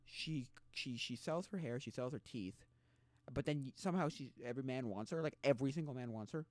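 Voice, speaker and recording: A man streaming a casual chat, rambling and halting with restarts, often mocking the people he talks about in put-on voices. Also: mid-range voice, a little mellow, no echo.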